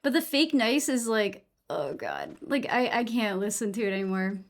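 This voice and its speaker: A woman's voice: mid-range voice, sing-song, normal speed. A young woman with a New England accent chatting casually while gaming on a live stream, rambling, saying "like" a lot and swearing freely.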